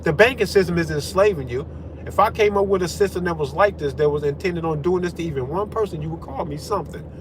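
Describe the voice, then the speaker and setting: A man's voice: on the high side, fast talker, noisy background. A man delivering a heated, confrontational political rant to camera, swearing heavily as the host of his own channel. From United States.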